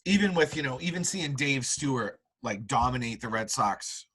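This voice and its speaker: A man's voice: mid-range voice, moderate pace, slightly rough, low-quality recording. A man hosting a casual sports podcast, telling rambling stories full of fillers. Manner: rambling, animated storytelling with many fillers. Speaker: podcast host.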